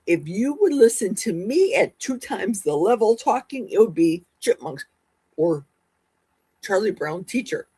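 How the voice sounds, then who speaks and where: A middle-aged woman hosting a casual livestream, talking fast and rambling from one topic to the next. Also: mid-range voice, very animated, dark tone, breathy edge, dry recording. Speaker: livestream host.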